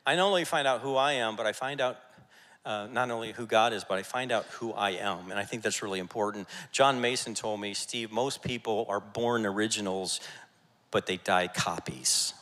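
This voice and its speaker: Bright-voiced pastor preaching in a church. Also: male voice, on the low side, normal speed. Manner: energetic, jokey, rallying the congregation. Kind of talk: sermon. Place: church sanctuary. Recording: church hall reverb.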